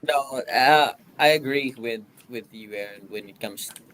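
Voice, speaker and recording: Halting man speaking on a call. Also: mid-range voice, a bit bright, rough recording. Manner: halting, searching for words with many restarts. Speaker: panel guest. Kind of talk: casual chat on a call.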